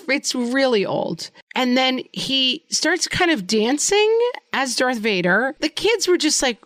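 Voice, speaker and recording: A woman in her forties co-hosting a podcast, chatting casually and telling lively stories, jumping up high when she acts out what people said. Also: no room sound. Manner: animated storyteller, acts out quotes in high voices. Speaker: podcast co-host. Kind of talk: casual chat.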